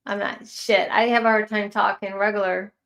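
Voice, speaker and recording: A woman's voice: medium pitch, flat delivery, moderate pace, gravelly, a bit bright. A woman with a Chicago accent hosting a casual livestream chat, rambling and chatty with lots of fillers. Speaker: livestream host.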